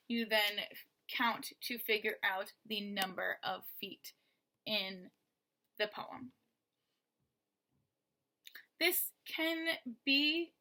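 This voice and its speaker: A woman gives a patient lesson, leaning on syllables to show where the stress falls. Her voice sits a little high and sounds bright and forceful. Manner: patient, stresses words to demonstrate. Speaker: teacher. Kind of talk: explaining poetry lesson.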